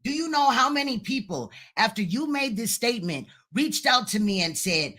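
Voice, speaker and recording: Bright-voiced woman ranting profanely. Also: on the high side, sing-song, moderate pace, few pauses. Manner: profane, insulting rant. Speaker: live stream host. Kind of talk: heated reaction livestream.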